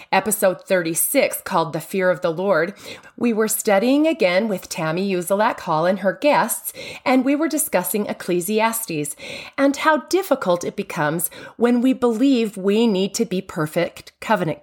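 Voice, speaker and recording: A woman's voice: medium pitch, animated, normal speed. Earnest woman hosting a devotional podcast. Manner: earnest, emphatic, lingers on key phrases. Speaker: podcast host.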